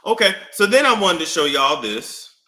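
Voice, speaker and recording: A man with a New York accent giving casual gossip commentary, animated and drawn out, often repeating himself. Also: on the high side, normal speed. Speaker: commentary streamer. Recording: echoey room.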